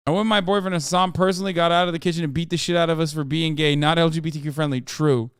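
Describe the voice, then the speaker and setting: A man hosting a livestream in casual chat, reading viewer posts aloud in an offhand, sarcastic way with loud outbursts. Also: fairly high pitch, fairly even intonation, fast, smooth, no echo, studio quality. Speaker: livestream host.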